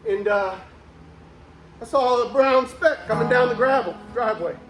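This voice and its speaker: A man's voice: extremely high pitch, moderate pace. A man telling a mock-sincere comic story in a live venue, slipping in fake ad reads. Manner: deadpan mock-sincere storytelling, breaking into laughs. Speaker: comedic performer. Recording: echoey room with music and crowd. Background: music and crowd noise.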